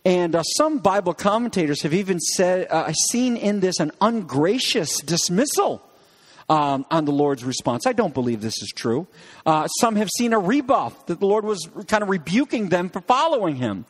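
A man's voice: high voice, sing-song, moderate pace, long reverb tail. A man preaching a sermon as pastor, in a conversational way with frequent restarts, acting out lines of dialogue.

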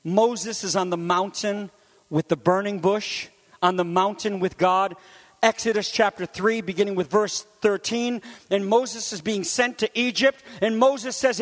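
A man with a very high voice preaches a sermon, lively and building up to shouts on the key phrases. He drops into conversational asides to the congregation between points. His voice rings with the long reverb of a church hall. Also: measured pace. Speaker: pastor.

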